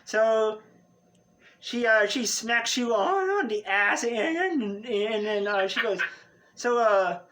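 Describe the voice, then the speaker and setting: Slow rambly guy game-mastering a tabletop game, tons of ums and restarts. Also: high-pitched, expressive, pushed and bright. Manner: rambling, halting, many fillers and restarts. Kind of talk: narrating a tabletop role-play.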